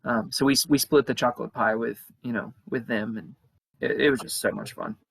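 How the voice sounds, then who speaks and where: A man's voice: medium pitch, steady tone, a little fast, creaky, a bit bright, low-quality recording. A young man telling a long casual story, with many fillers and restarts. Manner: chatty, rambling with many fillers and restarts, acts out quoted voices. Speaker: podcast co-host.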